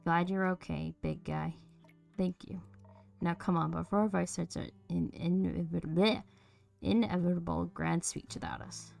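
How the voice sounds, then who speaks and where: Faint music sits behind a woman whose voice runs low with vocal fry, speaking at a measured pace. She's streaming a narrative game and performs all the characters' lines, trading voices with playful energy.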